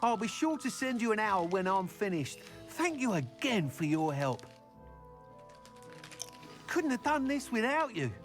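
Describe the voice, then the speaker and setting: An actor playing a cheerful middle-aged broom-maker who tests flying brooms, in video game dialogue. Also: male voice, sits high, a little slow, long pauses. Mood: eager. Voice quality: lively, eager. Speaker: game character. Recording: game audio with soft music behind.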